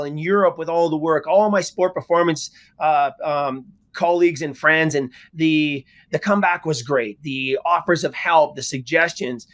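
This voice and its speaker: A middle-aged man from Canada, a guest in an interview, telling his story earnestly and repeating words for emphasis. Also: fairly high pitch. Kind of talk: interview answers.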